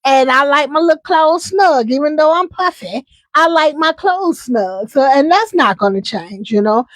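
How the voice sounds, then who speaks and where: A woman's voice: sits high, expressive, normal speed, dry recording. A woman hosting a casual live chat, talking in a chatty, emphatic way and often repeating herself. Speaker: host.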